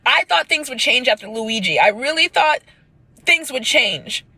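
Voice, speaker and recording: A woman's voice: high-pitched, expressive, unhurried, pushed and bright, breathy edge, no echo. A woman crying while she angrily rants into her phone in a profane selfie video. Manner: angry profane rant.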